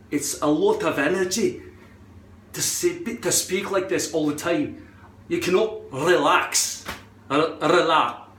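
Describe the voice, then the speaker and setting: A man tries out a put-on Scottish accent as he casually walks through a hair-care routine. He is playful and a little sweary. His voice sits somewhat high, and the room around him is roomy and echoey. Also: fairly bright tone, slight background noise. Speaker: hairpiece vlogger. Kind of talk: casual how-to vlog. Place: room at home by a mirror.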